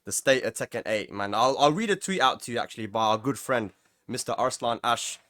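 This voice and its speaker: A man hosting a casual panel chat, telling stories quickly and animatedly with a lot of repeated words. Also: medium pitch, sharp tone, no room sound, clean studio sound. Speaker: host.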